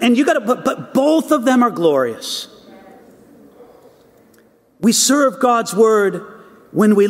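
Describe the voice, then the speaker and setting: A man's voice: extremely high pitch, big-room sound. A man preaching a sermon, emphatic, asking rhetorical questions and repeating words as he builds his points.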